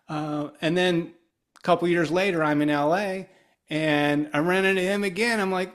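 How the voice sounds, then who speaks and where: Being interviewed as a guest, a middle-aged guitarist from Ohio talks at normal speed in a voice a little on the high side. His stories run long and wander, and he animatedly performs the voices of anyone he quotes.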